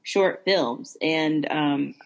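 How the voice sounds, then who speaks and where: A young woman co-hosting a podcast, chatting casually and warmly wrapping up the show. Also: low voice, drawn-out words, creaky, low-quality recording. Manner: gushing, upbeat sign-off. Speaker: podcast co-host. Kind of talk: casual chat.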